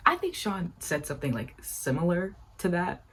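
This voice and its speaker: A young woman giving casual commentary on a sitcom, animated and exasperated, acting out quotes with big jumps in pitch. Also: normal speed, slight background noise. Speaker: video essay creator.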